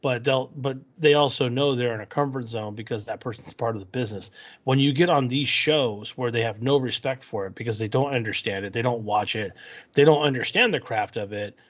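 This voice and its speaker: A man's voice: medium pitch, fairly quick. A man co-hosting a podcast, working through a point step by step. His voice sits in the middle range. The audio is a little muffled. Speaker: podcast co-host. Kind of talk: casual chat.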